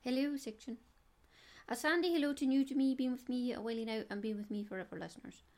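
A woman's voice: fairly high pitch, quick pace, a little mellow. A middle-aged Scottish woman hosting a knitting podcast, chatty and digressive with giggles. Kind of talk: casual solo podcast chat.

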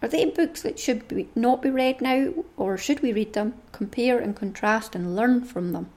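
A woman's voice: on the high side, normal speed, a little mellow. A woman hosting a craft podcast, chatting in a homely, rambling way and reading aloud. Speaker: podcast host.

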